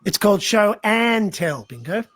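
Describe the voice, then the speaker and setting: A laid-back, wry Australian cartoon dog dad, quick to tease his pups. His lines sit over cheerful background music, with a lively, bouncy lilt. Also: high-pitched, no echo, full character voice. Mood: teasing. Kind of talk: animated cartoon acting. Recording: cartoon clip with music under it.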